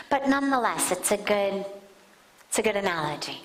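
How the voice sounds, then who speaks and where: A woman spiritual teacher giving a deliberate discourse in a satsang hall, often dropping to soft near-whispers. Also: mid-range voice, lively intonation, creaky. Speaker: spiritual teacher answering questions.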